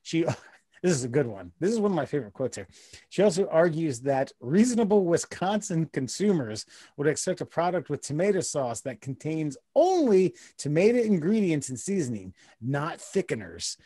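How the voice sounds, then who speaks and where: A man's voice: fairly high pitch, big pitch swings, moderate pace, mellow, husky, no room sound, clean studio sound. A man co-hosting a comedy podcast, reading a news story aloud and breaking into crude joking asides. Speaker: podcast co-host. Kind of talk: casual comedic podcast chat.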